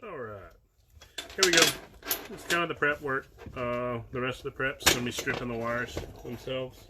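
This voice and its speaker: A man's voice: medium pitch, normal speed. A man with a Southern US accent, casually explaining a wiring project with lots of fillers. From American South. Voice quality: relaxed, rambling with fillers. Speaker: workshop video host. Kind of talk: casual how-to talk. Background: clicks and workshop noise.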